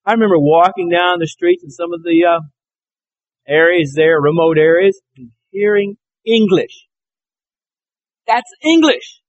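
A man's voice: fairly high pitch, normal speed, no echo, highs cut off. A man from Alabama preaching a sermon, telling folksy, anecdotal stories. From Alabama, USA.

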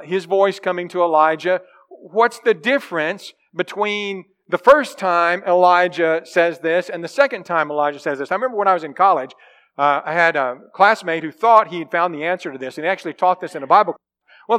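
A man's voice: high-pitched, bright, forceful tone. A man preaching a sermon in a conversational way, reading scripture and then explaining it, often asking his listeners questions. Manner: reads scripture then explains, voice rising and dropping.

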